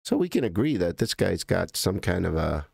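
An American man hosting a live stream, chatting casually and in a halting, rambling way as he greets viewers by name. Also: low voice, sing-song, creaky, husky, no echo, clean studio sound.

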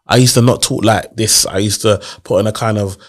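A man's voice: on the low side, steady tone, fairly quick. A man tells his story in a casual interview, earnest and motivational, often asking rhetorical questions. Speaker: guest.

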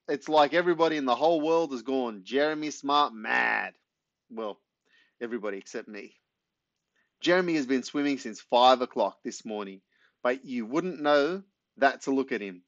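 Male audiobook narrator, animated first-person read, dry slightly muffled sound, mid pitch. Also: no room sound. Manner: lively, animated storytelling with pitch jumps.

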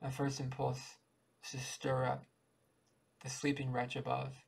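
A man reading a short story aloud as an amateur audiobook, in a halting way that restarts words mid-way. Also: mid-range voice, completely flat delivery, gravelly, husky, low-quality recording. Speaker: audiobook reader.

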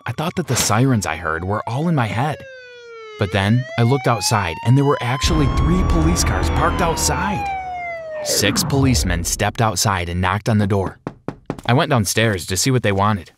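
Lively low-voiced male story narrator. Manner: expressive first-person telling.

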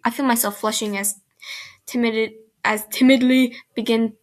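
A young woman reads a fan fiction aloud from her own channel, tripping over words and circling back to fix them. Her voice sits on the high side, and she breaks off now and then for casual, chatty comments to her viewers. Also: fairly even intonation. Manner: halting, stumbles and restarts mid-sentence.

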